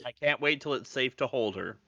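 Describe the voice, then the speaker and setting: Casting: bright, lively man, animated and jokey on a dull lo-fi stream mic. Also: medium pitch, fairly quick, dry recording. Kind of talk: casual chat. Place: home craft room.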